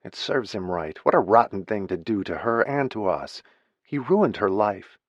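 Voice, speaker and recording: A man's voice: lowish voice, lively intonation, moderate pace, no room sound, muffled recording. A male narrator voicing an outspoken grown daughter who speaks bitterly and bluntly. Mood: indignant.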